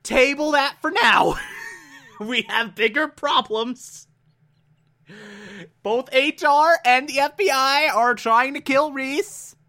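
A brisk male tech genius on the phone, bossy and hurried, waving off every question to deal with the emergency first, as a man puts him on. The voice sits higher than the speaker's usual talk and comes out sharp. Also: exaggerated voice.

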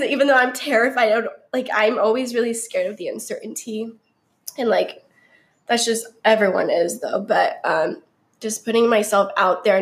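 A young woman chatting openly about her story, full of fillers, sometimes bubbly and sometimes quiet. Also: medium pitch. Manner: chatty, many fillers, shifts from bubbly to subdued. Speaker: guest sharing her story. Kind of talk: casual heartfelt conversation.

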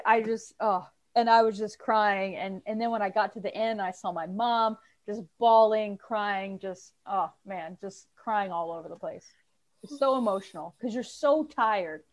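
A woman co-hosting a podcast in casual chat, telling a story animatedly and acting out the quotes with big jumps in her voice. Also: mid-range voice. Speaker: podcast co-host.

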